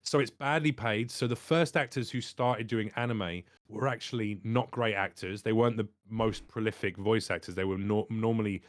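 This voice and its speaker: A man working as a voice actor, chatting as a podcast guest and telling stories with animated energy and casual swearing. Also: lowish voice, moderate pace, hardly any pauses, no echo, studio quality. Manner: animated storyteller, swears freely. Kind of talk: casual chat.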